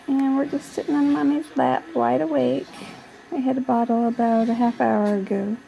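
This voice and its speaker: A woman filming her newborn at home on a handheld camcorder, talking to him in soft cooing baby talk. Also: sits high, fairly even intonation, moderate pace, vocal fry, rough recording. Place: living room at home.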